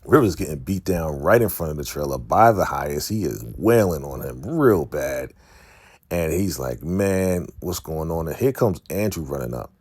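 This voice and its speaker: Deep-voiced man recapping a TV episode. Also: normal speed, slightly rough, no room sound. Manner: animated retelling, briefly acting out characters' lines. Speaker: TV recap host.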